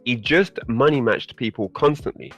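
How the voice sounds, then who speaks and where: A man guest on a podcast, telling a story in a casual, animated way and laughing often. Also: moderate pace, muffled recording, soft background music. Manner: animated, laughing, rising pitch when excited.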